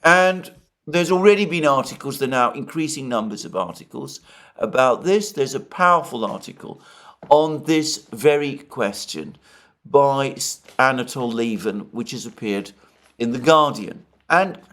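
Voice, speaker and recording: Lively-pitched male political commentator. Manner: measured, expansive delivery with frequent restarts. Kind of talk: solo commentary reading from an article.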